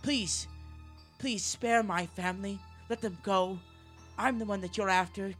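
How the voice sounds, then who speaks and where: A desperate mother begs in a high, strained, pushed-up voice, as a man puts her on. Faint music sits behind it. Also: unhurried, a bit bright. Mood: pleading. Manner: pleading, raised and strained.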